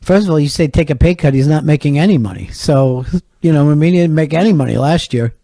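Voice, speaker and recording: Blunt profane middle-aged radio host. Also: male voice, a little high, lively intonation, fast talker, warm tone, no room sound. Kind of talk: comedy radio talk.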